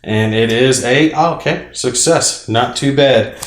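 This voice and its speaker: A man casually explaining his moves in a tabletop space game, rambling with fillers and clearing his throat now and then. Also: medium pitch, a little slow, reverberant. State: clearing throat, a little choked up. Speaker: board game player and channel host.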